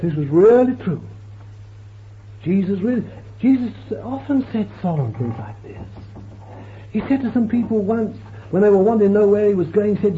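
Pitched high and animated, this man's voice carries an emphatic, dramatic sermon as he quotes scripture and explains it. He speaks slowly, swelling and dropping for effect, his voice rising and falling. Faint hiss runs under the tinny, lo-fi recording.

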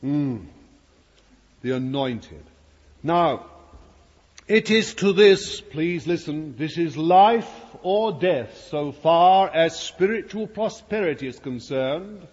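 Slightly high and a little mellow, the man's husky voice is animated yet unhurried as he gives a fervent sermon to a church hall congregation, with emphatic asides to those listening. The audio is dull and lo-fi, soaked in long hall reverb.

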